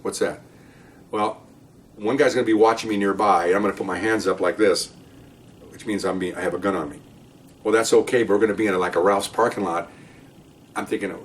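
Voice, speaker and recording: A middle-aged man telling police stories in casual storytelling style, animated and acting out the dialogue. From Latino. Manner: animated, acts out dialogue with raised pitch. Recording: voice a bit far from the mic.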